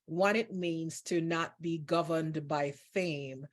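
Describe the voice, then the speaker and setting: A woman's voice: low-pitched, takes it slowly. Earnest woman interview host. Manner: earnest, admiring, repeats phrases for emphasis.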